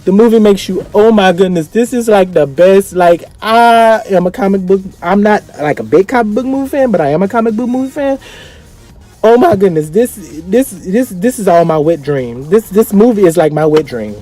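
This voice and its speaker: A young man with speech giving an effusive, dramatic casual vlog review, swinging from excited highs to quiet asides. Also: moderate pace. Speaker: vlogger reviewing a film. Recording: faint music behind.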